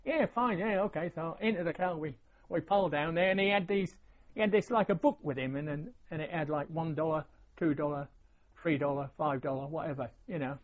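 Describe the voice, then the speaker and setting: Old bloke telling war stories, rambly, kinda high voice, muffled lo-fi tape. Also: male voice, a little fast. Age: older. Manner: rambling, with many fillers and restarts. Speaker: veteran interviewee. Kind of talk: oral history recollection. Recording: dull lo-fi recording.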